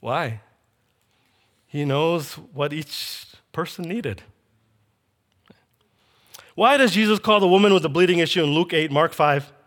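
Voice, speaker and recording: A man's voice: on the high side, animated, unhurried, long pauses, fairly bright tone. A man preaching a sermon, telling a scripture story with animation and acting out the quoted lines.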